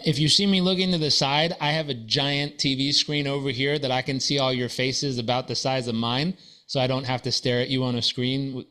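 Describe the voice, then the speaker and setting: Man guest coach, friendly and relaxed, a bit halting, video call. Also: mid-range voice. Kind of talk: casual chat on a video call.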